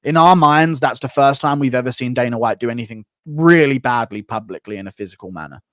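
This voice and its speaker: An American man hosts a livestream and reacts to chat in a blunt, profane rant. His voice sits in a middle pitch. The recording is dry and close. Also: fast, fairly bright tone, no room sound. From United States. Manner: profane, opinionated ranting. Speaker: streamer host. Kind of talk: livestream commentary, reading donations.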